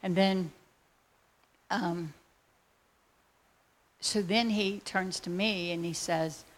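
A woman telling a faith testimony as a lively, excitable story. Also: on the low side, extremely slow. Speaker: speaker sharing a faith testimony.

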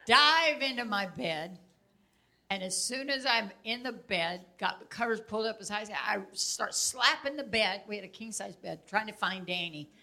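An older woman with a bright, forward voice teaches casually. She tells stories from her own life, animated and quick to laugh. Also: mid-range voice. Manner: animated storyteller, laughs often.

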